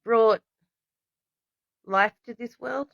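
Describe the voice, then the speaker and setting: A woman's voice: fairly high pitch, steady tone, extremely slow, vocal fry, no echo. A woman talks in an emotional, rambling monologue to camera and keeps breaking off to apologize. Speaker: vlogger. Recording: dull lo-fi recording.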